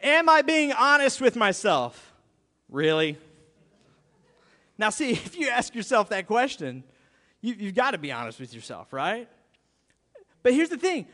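A male pastor giving an animated, conversational sermon with playful asides. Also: very high-pitched, moderate pace. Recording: long hall reverb.

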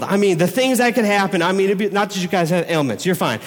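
A man preaching a sermon as pastor, telling the story with lively acted-out crowd voices. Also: sits high, fast, few pauses. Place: church sanctuary. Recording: long reverb of a large hall.

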